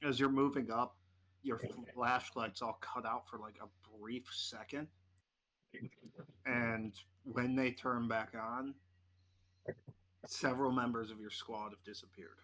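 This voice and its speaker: A man running a tabletop game as game master, narrating vividly and dramatically. His voice is bright and forceful. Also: mid-range voice, steady tone, slow pace, pauses often.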